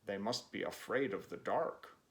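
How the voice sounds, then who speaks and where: A man voicing Toad, a worried, stubborn male toad in a children's storybook, speaking slowly and plaintively. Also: on the low side, fairly bright tone. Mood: fretful.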